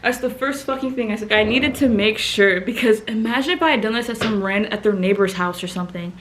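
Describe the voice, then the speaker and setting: A woman's voice: medium pitch, a little fast, slight background noise. A young woman telling embarrassing stories to camera in a rambling way, swearing often, laughing through them and sounding sleepy. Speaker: vlogger. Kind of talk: casual storytelling to camera.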